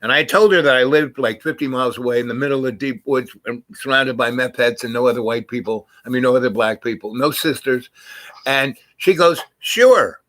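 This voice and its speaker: Bright-voiced older man rambling a story. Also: medium pitch, steady tone, fairly quick, low-quality recording. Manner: meandering, trails off and restarts mid-sentence. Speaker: storyteller in a conversation. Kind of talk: casual rambling anecdote.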